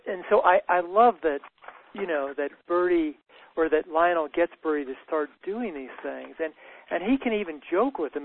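Thoughtful man on a tinny phone line. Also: high voice. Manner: warm, thoughtful, repeats words as he starts sentences. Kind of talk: reflective conversation.

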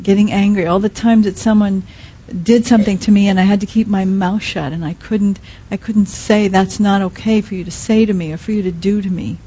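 A woman preaching with a mellow, warm tone and a slightly husky edge. She speaks softly and haltingly, with restarts and fillers, and often sinks to a near-hush. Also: medium pitch, rough recording. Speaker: speaker at a Christian teaching. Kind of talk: sermon.

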